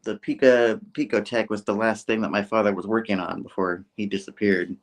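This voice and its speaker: Self-assured rich genius, measured and explaining, as a man puts him on. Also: lowish voice, steady tone, lightly acted.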